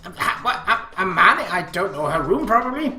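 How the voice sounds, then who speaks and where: A man's voice: sits high, sing-song, moderate pace, sharp tone, voice pushed up, full character voice. A man voicing a brash, easily startled teen girl, recorded in a roomy space with faint music.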